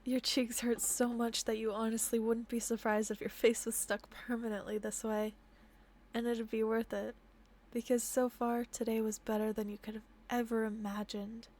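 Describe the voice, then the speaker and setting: A woman's voice: on the high side, level tone, moderate pace, darkish tone. Giggly young woman reading a romance game. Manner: giggly, laughs often, breaks off into apologies. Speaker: gamer reading a visual novel aloud. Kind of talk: reading game text aloud with chatty asides.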